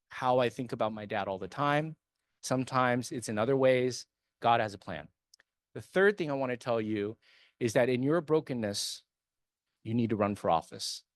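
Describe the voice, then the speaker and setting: A man's voice: mid-range voice, no room sound. A man who serves on a city council, giving an earnest, emphatic speech to a meeting, repeating his points for effect. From came to America as an immigrant. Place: meeting hall.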